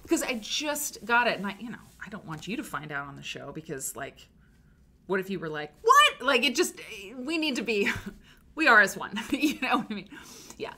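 A woman hosting a live stream show, chatting excitedly and rambling with lots of fillers. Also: medium pitch, normal speed, gravelly. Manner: gushing, animated, rambling with many fillers.

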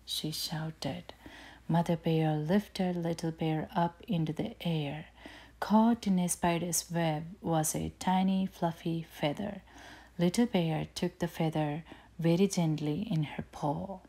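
A woman reading a bedtime story aloud in a soft, gently soothing manner, breathy at times. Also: fairly low pitch, slow pace.

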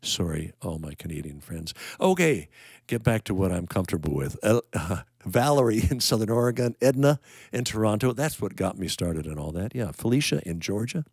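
A man's voice: fairly low pitch, expressive, darkish tone, breathy edge, no echo, studio quality. An older American man hosting a livestream, chatting casually and rambling as he greets viewers, with plenty of uh and um. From United States. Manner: rambling, folksy, pauses with uh and um. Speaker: worship livestream host.

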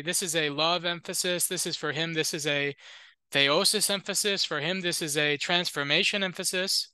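A man's voice: on the high side, sharp tone, smooth, no echo. A man teaching as a Lutheran, reading an ancient Christian letter aloud and explaining it in a discursive, informal way with joking asides. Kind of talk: reading and commenting on an ancient text.

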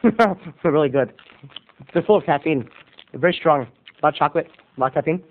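A man in his thirties, an animated, giggly video blogger telling a comic story straight to his viewers. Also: on the high side, a little fast, long pauses. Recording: tinny lo-fi webcam audio.

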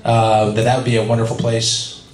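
A man's voice: medium pitch, completely flat delivery, normal speed. A man in his forties from California, telling stories at a convention panel in a chatty, self-deprecating way and laughing often. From California, USA. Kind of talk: casual Q&A storytelling. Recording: echoey convention hall with crowd.

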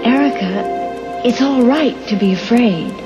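An actress playing a loving mother in a 1990s daytime soap, tender and halting. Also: on the high side, expressive, over loud music. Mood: frightened. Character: frightened, loving middle-aged mother.

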